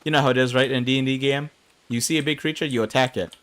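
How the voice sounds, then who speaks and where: A man's voice: mid-range voice, fairly even intonation, rapid-fire, a bit bright. A young man streaming an online game, rambling through casual commentary with self-mocking asides. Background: game music.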